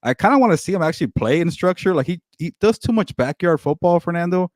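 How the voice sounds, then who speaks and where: A man co-hosting a sports podcast in casual chat, excitable, repeating words and laughing often. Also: sits high, fast talker, no echo, clean studio sound.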